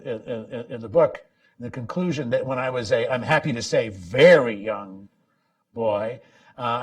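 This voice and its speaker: Man, author's lecture, halting restarts, emphatic surges, mid pitch, distant from mic. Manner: halting, many restarts, emphatic swings in loudness. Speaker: author giving a book talk. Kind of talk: public lecture. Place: lecture event.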